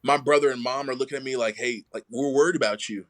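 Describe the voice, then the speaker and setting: Animated man telling his own story. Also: medium pitch, fast. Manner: animated, quotes others in lively voices. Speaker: podcast guest. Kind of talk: casual storytelling.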